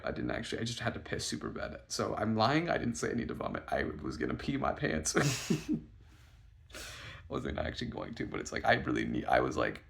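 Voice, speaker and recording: Young guy rambling thru an anxious story, swears a lot, raspy fry in his voice. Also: a bass voice, wildly swooping pitch, normal speed. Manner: anxious, rambling, swearing, acts out his own quotes loudly. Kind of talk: casual storytime monologue.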